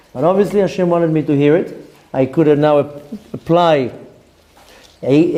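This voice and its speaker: Rabbi guy, middle aged, kinda high warm voice, chatty torah class w lots of uhs and restarts. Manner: conversational, many fillers and restarts, acts out quoted voices. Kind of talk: informal Torah lecture with personal stories.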